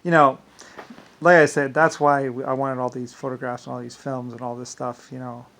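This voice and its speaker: A man's voice: medium pitch, level tone, moderate pace, gravelly, fairly bright tone, a little hiss or hum. A man talking alone to camera in a rambling vlog monologue, drifting between thoughts and leaning on filler phrases. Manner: meandering, repeats "like I said" and "blah, blah". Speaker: vlogger.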